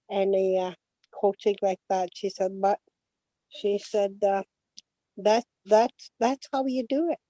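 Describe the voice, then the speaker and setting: An older woman speaking slowly and gently with halting pauses, sharing a prayer on a video call. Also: mid-range voice, no echo. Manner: slow, gentle, halting speech. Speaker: guest elder. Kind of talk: prayer and blessing in a virtual event.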